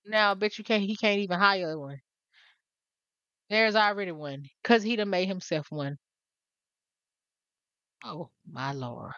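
A woman's voice: medium pitch, unhurried, long pauses, no echo, dull audio. A woman giving casual, exasperated gameplay commentary straight to her viewers. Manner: animated, exasperated, talks to viewers.

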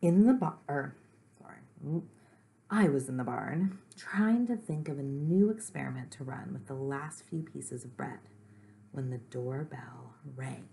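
A woman with a low, gravelly voice reads a children's book aloud at an unhurried pace. She plays the first-person narrator herself and breaks off for friendly asides to her young listeners, sometimes sinking to a soft whisper. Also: a little hiss or hum. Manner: slow and gentle, with chatty asides to listeners, sometimes dropping to a whisper. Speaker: reader. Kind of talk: storybook read-aloud for children.

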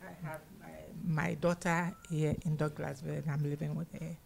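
Gravelly older woman. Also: low voice, level tone, normal speed, darkish tone, a little hiss or hum. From Ghana. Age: about seventy. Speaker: birthday guest.

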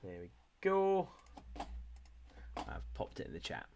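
A man's voice: fairly low pitch, huge pitch swings, slow, a little mellow, a little hiss or hum. A Scottish man in his thirties chatting casually and jokily on a livestream while he paints miniatures, rambling and laughing often. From Scotland. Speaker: hobby painting streamer.

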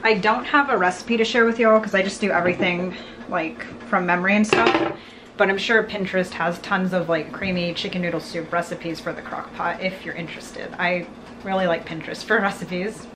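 A woman's voice: fairly low pitch, steady tone, brisk. A young woman, chatting casually to camera in a vlog and laughing often. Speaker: vlogger. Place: restaurants, doctor's office and home kitchen. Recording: loud background noise.

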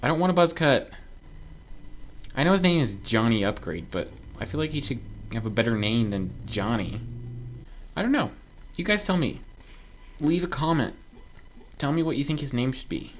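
A man playing a platform game and commenting as he goes, excitable and joking, yelping when something surprises him. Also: medium pitch, normal speed, long pauses, slight background noise. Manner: excitable, talks to himself, yelps when surprised; joking asides to viewers. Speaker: gaming video creator. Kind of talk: casual let's-play commentary.

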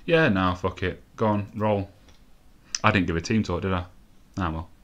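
A man's voice: low voice, moderate pace. Sweary young guy commentating a game. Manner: sweary, excitable, rambling asides. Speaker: gaming let's-play host. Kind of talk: casual live game commentary.

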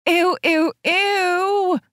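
Woman putting on an excitable young novelist, squealy high outbursts, dry audiobook read. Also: extremely slow, no room sound, exaggerated voice. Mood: squeamish, excited.

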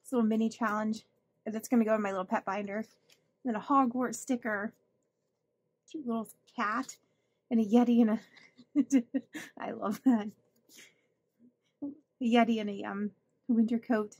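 A chatty woman with a higher, slightly husky voice, talking through her mail in a casual vlog. She gushes and laughs often, thanking people as she goes. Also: steady tone, a little slow, pauses often, darkish tone, no room sound. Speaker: budgeting channel host. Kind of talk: casual chat opening mail.

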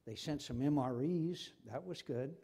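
A man's voice: fairly high pitch, measured pace, warm tone, husky. An older man, a senator, speaking with passion in a forum conversation and repeating himself when stirred. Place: university forum hall.

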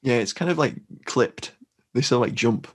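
A man co-hosting a podcast, recapping a film in casual chat with halting restarts and dry humor. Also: medium pitch, lively intonation, breathy edge. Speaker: podcast co-host.

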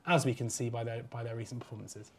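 A man, a little croaky from being unwell, hosting a football betting preview in a chatty way with quick asides. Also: medium pitch, fairly even intonation, a little hiss or hum. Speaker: podcast host.

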